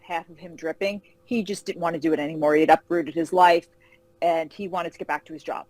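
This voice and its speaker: Chatty woman author telling lively stories. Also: on the low side, a little fast, no room sound, rough recording. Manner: animated anecdotes, acts out quoted voices, laughs often. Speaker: fantasy novelist guest. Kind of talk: casual interview storytelling. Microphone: video call.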